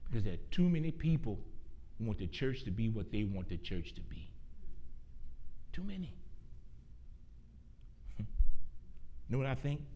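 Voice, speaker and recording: A man preaching a sermon. He swings from loud, slow, stretched-out emphasis to hushed low passages, with quick joking asides to the congregation.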